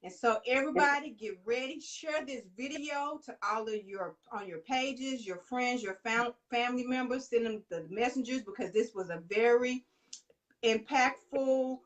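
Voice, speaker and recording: High-voiced woman hosting a live show. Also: moderate pace. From Texas. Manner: upbeat, hypes viewers, says y'all. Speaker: interview host. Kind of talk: casual live show sign-off.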